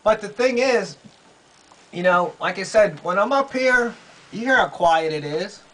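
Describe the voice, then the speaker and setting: Man, high voice, slow delivery, sarcastic incredulous commentary, repeats points. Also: expressive, a bit bright, rough recording. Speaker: political commentary vlogger. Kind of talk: casual commentary. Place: quiet room under a roof in rain.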